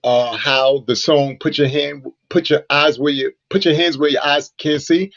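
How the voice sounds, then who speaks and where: A man's voice: a little high, fairly even intonation, moderate pace, a bit bright, highs cut off. A man co-hosting a radio show, telling a story animatedly with lots of "you know" fillers. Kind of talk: casual radio chat, storytelling.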